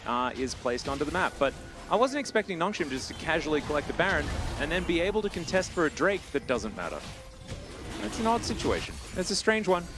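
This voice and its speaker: A solo esports caster gives brisk, very animated play-by-play of a competitive video game match, his pitch swinging widely. He fills lulls with chatty, self-deprecating asides and gets loud on big plays, over steady background music.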